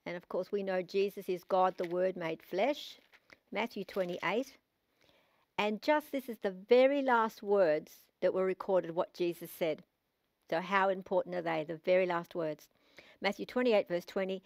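An Australian woman in middle age delivers a sermon, reading long scripture passages aloud. She leans hard on key phrases, slowing down and repeating them for emphasis. Her voice sits at an ordinary middle pitch and is recorded close and dry, with no room sound. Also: dry recording. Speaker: preacher.

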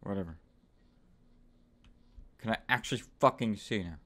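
A man giving let's-play commentary on a horror game, swearing constantly, trash-talking the game's characters and bursting into sudden yells of frustration. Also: lowish voice, normal speed. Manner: profane, frustrated outbursts and sudden yelling. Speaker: gaming YouTuber.

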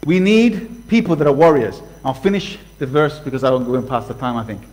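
A man preaching a sermon passionately, swinging from loud outbursts to hushed lines and acting out voices. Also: medium pitch, brisk, rough recording. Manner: acts out voices for illustration. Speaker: pastor.

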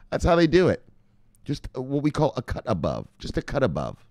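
A man's voice: mid-range voice, normal speed, dry recording. A man hosting a crypto news show, reading headlines and riffing on them in a casual, joking, profane way. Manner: animated, profane, joking asides, reads headlines then riffs.

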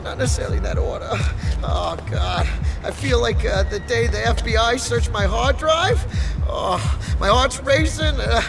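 A jittery, sleazy mobster wannabe from a crime video game. He rambles and whines in a gravelly, fry-edged voice. His pitch leaps all over the place as he frets and schemes. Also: very animated, music in the background, full character voice. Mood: panicked. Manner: whiny, panicky and fast-rambling. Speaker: game character.

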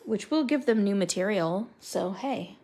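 A woman's voice: medium pitch, animated, measured pace, mellow, slightly rough. A woman chatting casually and rambling as she colors, talking to her viewers by name. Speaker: crafter coloring live with viewers.

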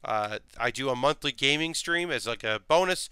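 Drowsy and yawning, this man chats casually on a live stream while putting together a model, rambling and muttering to himself as he thinks aloud. His medium-pitched voice is animated, pushed, and bright, with a clean tone, a moderate pace, and no echo.

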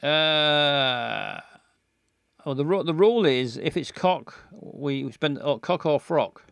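A man's voice: fairly high pitch, expressive, slow pace, gravelly, fairly bright tone, smooth, dry recording, studio quality. A man, giving bawdy, joking commentary on a game stream.

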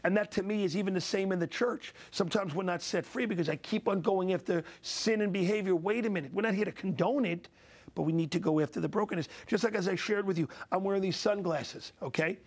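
A man's voice: sits high, fast. A middle-aged man telling emotional stories with passion and a preacher's repetition. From Italian-American. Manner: passionate, preacherly, repeats phrases for emphasis. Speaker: guest speaker. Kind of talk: emotional storytelling.

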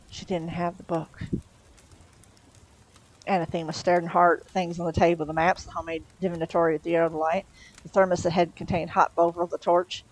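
A woman's voice: fairly low pitch, low-quality recording. Woman reading a novel aloud. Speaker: storyteller.

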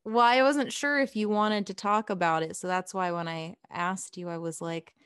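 A young woman co-hosting a casual podcast, joking wryly and laughing often, turning gentle on serious points. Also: on the low side, fairly even intonation, normal speed, clean tone, no echo, studio quality. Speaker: podcast co-host. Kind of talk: casual chat.

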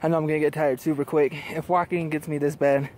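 A man recording a casual vlog outdoors in a driveway, out of breath and talking in halting, quiet, earnest phrases. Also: a little high, little pitch movement, a little hiss or hum. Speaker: vlogger. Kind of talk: casual vlog talk to camera.

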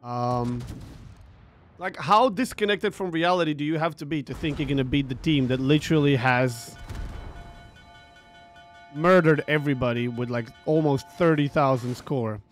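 A man's voice: on the high side, normal speed, long pauses, soft background music. A man ranting about a tournament over gameplay, frustrated and swearing, repeating himself as he tells the story. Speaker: gaming streamer.

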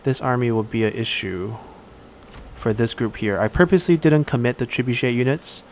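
A man's voice: medium pitch, a little mellow, slight background noise. Man thinking aloud over gameplay. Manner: thinks aloud, halting with frequent "uh". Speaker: let's play commentator. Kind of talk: casual gameplay commentary.

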